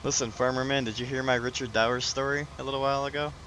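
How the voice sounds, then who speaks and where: A man's voice: medium pitch, steady tone, quick pace, a bit bright, rough recording. A man hosting a casual live stream, chatting with viewers by name and laughing often. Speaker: livestream host. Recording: background noise.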